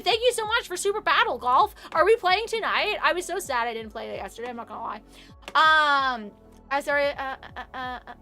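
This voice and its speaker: A young woman chats on a live stream, thanking viewers and trailing off into fillers and humming. Her voice sits high and sounds bright and sharp, with soft music under it. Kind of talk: casual live-stream chat.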